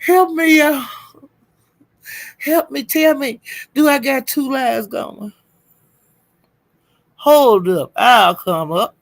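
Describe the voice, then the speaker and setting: A woman's voice: sits high, slow, vocal fry, pauses often. A woman hosting a live stream who is frantic and flustered, swearing, laughing and calling out to viewers for help. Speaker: livestream host.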